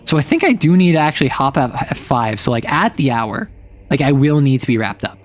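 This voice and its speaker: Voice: mid-range voice, big pitch swings, brisk. A young adult livestreamer chatting casually at home, rambling with fillers and self-corrections. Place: home room with roommates nearby.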